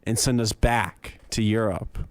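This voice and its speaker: A man's voice: fairly low pitch, fairly even intonation, unhurried, no room sound. Easy-laughing man, dry close sound. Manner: laughs easily, joking back. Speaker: podcast co-host. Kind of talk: casual chat.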